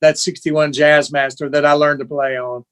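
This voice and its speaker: A man in his sixties spins a story for an interview, animated and expressive. He acts out the voices of the people he quotes. His voice sits fairly high for a man. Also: normal speed, clean tone. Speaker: guest musician.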